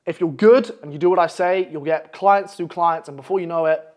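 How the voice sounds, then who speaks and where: A man's voice: fairly high pitch, fairly even intonation, brisk, a little mellow. A young man giving a blunt, profane motivational monologue as an online coach, tagging "okay?" onto his points. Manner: profane, brash, repeats "okay?".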